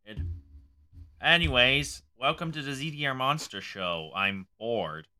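A man's voice: medium pitch, a little slow, sharp tone. A man hosting his own show in casual livestream chat, rambling and offhand, sometimes stumbling over his words. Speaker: host.

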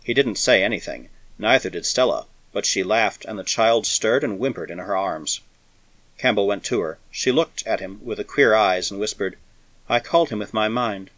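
A man narrating a science fiction story with a dramatic, expressive reading. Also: fairly low pitch, normal speed, dry recording. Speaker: audiobook narrator.

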